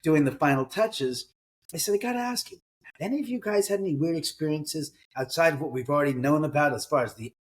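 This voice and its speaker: Animated middle-aged man telling a story. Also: a little high. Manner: animated, acts out quoted voices, swears casually. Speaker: author and homeowner telling ghost stories. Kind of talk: conversational storytelling in an interview.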